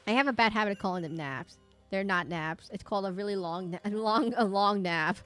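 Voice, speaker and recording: A woman's voice: mid-range voice, brisk, fairly bright tone, faint music behind. Rambling, giggly young woman streamer. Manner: rambling, giggly, with frequent restarts and asides. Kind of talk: casual chat while streaming a game.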